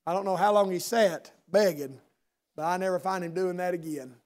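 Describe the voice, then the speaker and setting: Man, preaching in church, high-pitched, fervent, calls on people by name. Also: normal speed. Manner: impassioned, swings from loud shouting to low intimate speech; addresses listeners by name, rhetorical questions. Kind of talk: sermon. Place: church service.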